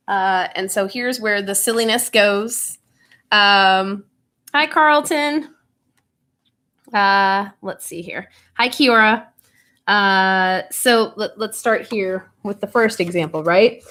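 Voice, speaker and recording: Young woman teacher, bright tone, informal and full of "um" and "right?". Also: mid-range voice, slow. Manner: chatty, with many fillers and "right?" checks. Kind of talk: live online class lesson.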